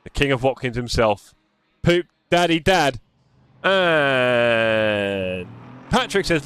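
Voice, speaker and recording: Man, casual stream host, animated pitch, reads chat, dry sound. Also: a little slow, clear, resonant tone, no room sound. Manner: chatty, teasing, reads chat aloud.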